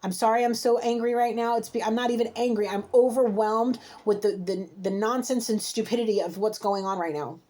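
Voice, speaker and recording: High-voiced woman in a fiery scolding reading. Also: fairly even intonation, fairly quick, few pauses, dark tone. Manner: emphatic, scolding, repetitive rants. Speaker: intuitive card reader. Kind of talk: heated spiritual card reading.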